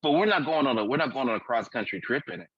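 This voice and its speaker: A man in his forties co-hosts a podcast, talking very fast in an expressive, medium-pitched voice that's fairly bright and slightly rough, with no room sound. His comedic chat is candid and profane, and he often laughs at his own jokes. The sound is dull, dry and lo-fi.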